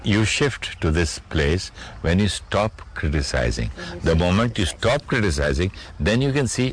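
Deep-voiced Indian man interviewing. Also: very animated, normal speed, few pauses, slight background noise. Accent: Indian English. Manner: chatty, tells anecdotes, laughs easily. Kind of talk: conversational interview.

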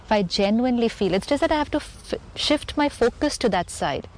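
A woman, speaking as a spiritual teacher in a calm talk, earnest and repeating phrases for emphasis. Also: fairly high pitch, a little fast, slight background noise, low-quality recording.

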